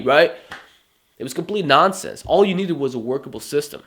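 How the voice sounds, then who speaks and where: A man's voice: medium pitch, lively intonation, fast. A man giving a motivational fitness monologue to camera, emphatic and full of rhetorical questions. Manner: emphatic, rhetorical questions, mocking put-on whines. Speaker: fitness YouTuber.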